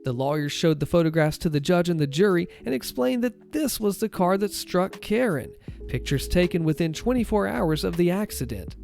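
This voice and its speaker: Animated male storyteller, gravelly, wry asides, faint music behind. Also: high-pitched, normal speed. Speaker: podcast host reading stories. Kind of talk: storytelling narration with casual commentary.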